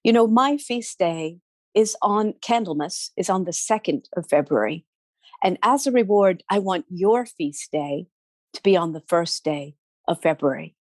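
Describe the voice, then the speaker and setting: A gentle, grateful holy woman speaks kindly to her friend, as a woman storyteller voices her. Soft-spoken and plain, a figure in a spoken folk tale. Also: on the low side, animated, unhurried, no room sound, clean studio sound.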